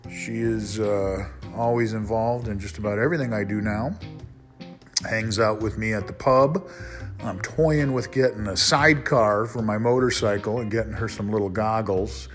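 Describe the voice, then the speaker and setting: Man, lowish voice, casual podcast host, rambling, blunt, cusses, soft guitar music behind. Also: steady tone, normal speed. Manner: rambling, frank, swears when worked up. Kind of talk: casual solo podcast monologue.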